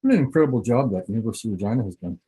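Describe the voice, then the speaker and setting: Middle-aged guy, low husky voice, rambly football scout telling stories at a coaching clinic. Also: lively intonation, racing, dark tone, rough recording. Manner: anecdotal, rambling storyteller. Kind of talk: casual clinic talk.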